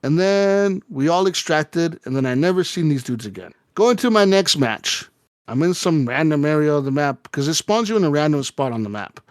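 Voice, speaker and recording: A man's voice: lively intonation, moderate pace, no echo, clean studio sound. Profane rambling man telling a gaming story. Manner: rambling, profane, acts out quotes with jumps in pitch. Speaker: podcast co-host. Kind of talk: casual storytelling chat.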